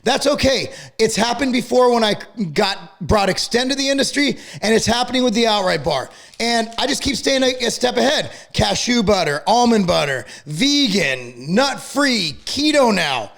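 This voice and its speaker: A middle-aged man ranting to camera about a feud, angry, profane and worked up to the point of yelling. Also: high voice, animated, normal speed, creaky, few pauses. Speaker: fitness company owner and channel host.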